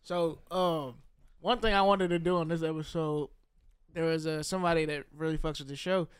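A man's voice: fairly high pitch, normal speed, clean tone. A man co-hosting a casual comedy podcast, telling stories with a lot of laughter. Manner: animated storyteller, laughs often. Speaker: podcast co-host. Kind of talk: casual chat.

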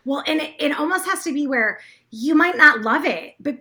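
Woman guest, bright high voice, excitable, rambling. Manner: fast, enthusiastic, rambling. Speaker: guest, business owner. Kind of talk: casual interview chat.

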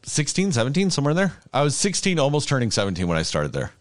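A man's voice: mid-range voice, wildly swooping pitch, rapid-fire, dry recording, studio quality. A man, rambling and swearing casually as a podcast host. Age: 30s. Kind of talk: casual chat.

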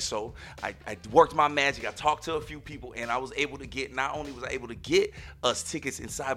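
Guy hosting a podcast, bright punchy voice, gets loud then quiet, faint music behind. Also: mid-range voice. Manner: animated, swings from quiet to loud. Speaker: podcast host. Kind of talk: casual storytelling chat.

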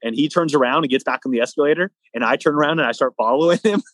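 Talking rapid-fire in a fairly high voice, a young athlete on as a guest spins a lengthy, lively, casual tale, voicing each person in the dialogue himself. There's no echo on the recording.

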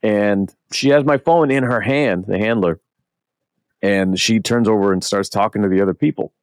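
A young man co-hosting a podcast, telling a story in casual chat, animated and swearing a lot as he acts out what people said. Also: fairly low pitch, moderate pace, smooth, dry recording. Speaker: podcast co-host.

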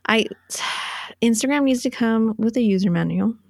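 A woman's voice: fairly high pitch, normal speed, creaky, no echo, studio quality. A woman co-hosting a podcast in casual chat, rambling and laughing through her asides. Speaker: podcast co-host.

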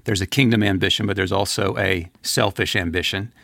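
A man co-hosting a podcast, talking in a loose, rambling way. His voice is lowish with a gravelly fry. The recording is dry and close. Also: a little fast, dry recording. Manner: rambling, animated, many restarts. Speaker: podcast co-host. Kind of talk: casual podcast chat.

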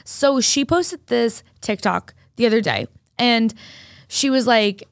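A young woman co-hosts a podcast, telling a story in chatty, casual conversation packed with fillers. Her voice is on the high side, slow, and carries vocal fry, captured in a dry, studio-quality recording.

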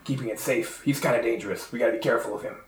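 A man voicing Trevor, a small nervous male grung guide, in a hushed, jittery way, recorded in an echoey room. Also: medium pitch, very fast, far from the mic, noisy background, pitched below the performer's own voice, close to an everyday voice. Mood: warning.

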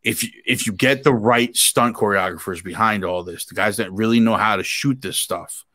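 A man's voice: lowish voice, normal speed, pushed and bright, no echo, studio quality. A man co-hosting a podcast, chatting casually and animatedly about action movies, swearing now and then. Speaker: podcast co-host.

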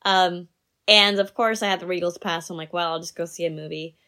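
A woman in her thirties with a fairly low voice co-hosts a casual movie podcast. She rambles in a relaxed way, full of "like" and "um". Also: a little fast. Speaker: podcast co-host. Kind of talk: casual movie review chat.

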